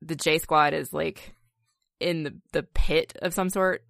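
Low-voiced woman in a dry room. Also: measured pace, creaky, no room sound. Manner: animated, laughs often, acts out reactions. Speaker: podcast co-host. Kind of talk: casual film discussion.

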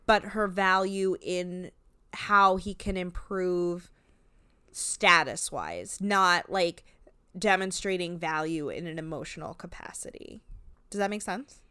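A woman's voice: fairly low pitch, slow pace, sharp tone, clear, resonant tone, no echo. A woman co-hosting a podcast, chatting casually about a reality show, with lots of "like" and frequent laughter. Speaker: podcast co-host.

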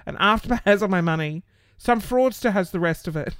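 A man's voice: high-pitched, lively intonation, brisk, hardly any pauses, fairly bright tone, clear, resonant tone, dry recording. Exasperated, sweary man, dry close sound. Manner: exasperated, sweary, laughing through frustration. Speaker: small business owner. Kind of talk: casual vlog rant.

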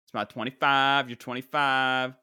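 Podcast host, young man, animated comic disbelief, dry sound. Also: mid-range voice, normal speed, clear, resonant tone, no echo. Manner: incredulous, animated, mock-exasperated. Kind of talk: casual comedic reaction.

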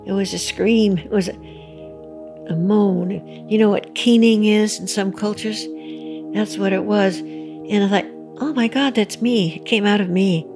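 An older woman recalling, in a halting and reflective way, how she heard terrible news. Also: mid-range voice, music in the background. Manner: halting, reflective, pauses and restarts. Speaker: bereaved mother interviewee. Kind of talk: personal recollection.

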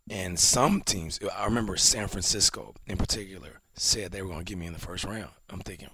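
Husky man telling a story. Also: low-pitched, normal speed, no room sound. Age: 30s. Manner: animated storyteller who acts out quoted voices, drops to whispers. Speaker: podcast co-host. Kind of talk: casual storytelling chat.

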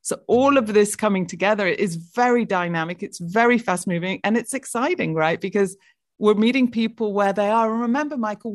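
A British woman talking up her company's plans in a bright, polished executive manner. Her voice sits mid-range, recorded dry and close. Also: medium pitch, fairly quick, dry recording. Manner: upbeat, polished business talk. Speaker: tech executive guest. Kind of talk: interview answers.

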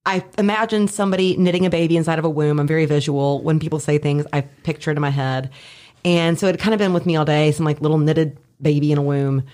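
Woman, former nurse, casual storyteller; animated, profane, mimics voices, laughs often. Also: low-pitched, fast talker. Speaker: former labor and delivery nurse. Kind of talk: casual chat.

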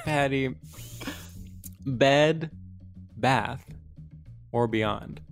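A co-host runs a rapid-fire game with dry, mock-formal teasing. The pitch sits in a middle range. A faint bed of music plays behind the voice. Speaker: podcast co-host. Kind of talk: comedic podcast chat.

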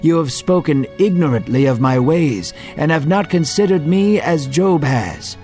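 A man voicing God as a vast, stern male deity who asks thundering questions in a slow, forceful way. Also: fairly high pitch, expressive, faint music behind, voice pushed up.

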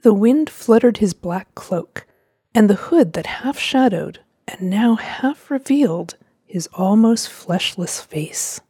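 A woman reading a storybook aloud with a slow, gentle, expressive delivery. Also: medium pitch, slightly rough, no room sound, clean studio sound.

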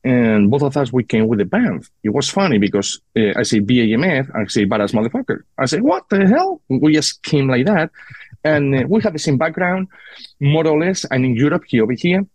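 A man with a Spanish accent from Spain, a guest on a podcast, talking casually with halting restarts. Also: medium pitch, animated, a little mellow, no room sound. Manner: halting, repeats words. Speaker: guest, cigar maker.

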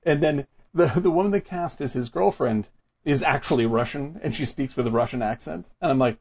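A man's voice: medium pitch, fairly quick, a little mellow, slightly rough. A man in casual movie chat, rambling and enthusiastic with lots of fillers.

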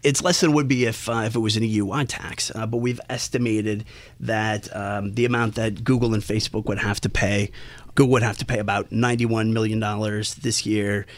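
A man's voice: fairly low pitch, fairly even intonation, brisk, no echo. A man answering as a tax analyst guest in an interview, explaining at length with many fillers and restarts.

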